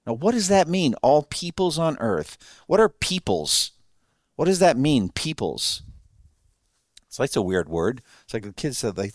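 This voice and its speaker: A man preaches to a roomful of listeners in a conversational style, often laughing and posing questions. He speaks at a moderate pace in a very animated, mid-range voice, recorded at studio quality without any room sound.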